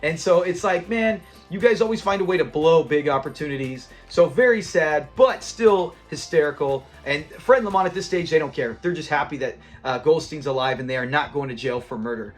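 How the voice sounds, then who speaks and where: A man reviewing a TV episode in a casual, animated retelling, laughing often and acting out the characters' lines. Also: a little high, a little fast, hardly any pauses, faint music behind.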